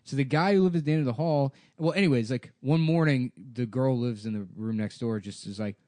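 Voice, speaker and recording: A man on a podcast tells an anecdote in loose, halting phrases padded with fillers. His voice is middle-pitched and recorded close and dry, with nothing of the room around it. The delivery is casual and unscripted. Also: mellow, no echo. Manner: hesitant, full of "like" fillers, mumbly. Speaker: podcast co-host. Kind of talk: casual comedic chat.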